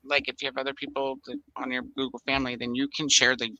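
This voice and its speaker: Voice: mid-range voice, level tone, fast, sharp tone, no echo, highs cut off. An American co-host chatting casually on a livestream and weighing in with opinions. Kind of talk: casual chat.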